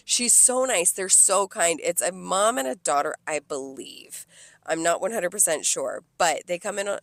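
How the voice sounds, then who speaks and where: A young woman co-hosts a podcast in a loose, chatty way, full of swearing and acted-out customer voices. Her voice sits a little low. The sound is close and dry. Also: moderate pace, gravelly, no room sound. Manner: animated storyteller, swears freely, acts out customers' lines. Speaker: podcast co-host. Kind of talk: casual chat, storytelling.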